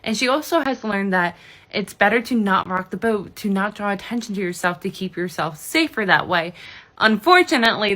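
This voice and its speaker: A woman's voice: medium pitch, bright, forceful tone. A young woman giving a casual, enthusiastic literary analysis of a novel, talking chattily with lots of "like" and "you know". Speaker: book reviewer.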